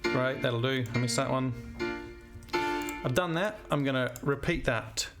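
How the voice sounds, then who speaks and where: A man's voice: mid-range voice, measured pace. A man, a music teacher talking through a composition demo while thinking aloud. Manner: thinking aloud, scatting melodies. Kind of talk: screen-recorded composition demo.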